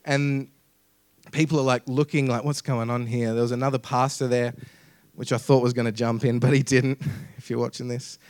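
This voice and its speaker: A young man, a pastor, telling a story in a sermon with humor and loud emphatic peaks. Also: medium pitch, normal speed, no room sound. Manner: lively, jokey, builds to loud emphatic peaks. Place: church.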